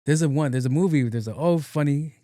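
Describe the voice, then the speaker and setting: A man's voice: on the high side, fast, mellow, dry recording, studio quality. A young adult man hosting his own podcast, telling funny stories in a casual, joking way and acting out both sides of the conversations. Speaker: podcast host. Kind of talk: casual solo podcast monologue.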